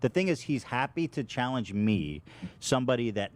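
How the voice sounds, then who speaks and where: A man's voice: medium pitch, sing-song, normal speed. A man hosting a casual podcast, joking and self-deprecating as he talks. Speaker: podcast host.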